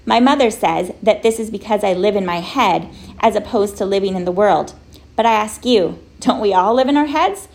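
A rambling, self-absorbed boy, voiced by a woman reader, musing aloud without a care for urgency. The tone stays close to the reader's own, with a slightly gravelly texture. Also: medium pitch, normal speed, close to an everyday voice. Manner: musing, wordy, unbothered.

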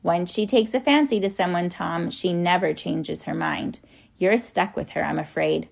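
A woman voicing a calm, grave old male professor in a measured way. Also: on the low side, vocal fry. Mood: amused. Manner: measured and grim.

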